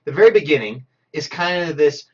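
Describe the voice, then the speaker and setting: A man co-hosting a casual film commentary, talking through scenes in a lively, animated way with quoted asides. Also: a little high, a little fast, muffled recording. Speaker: podcast co-host.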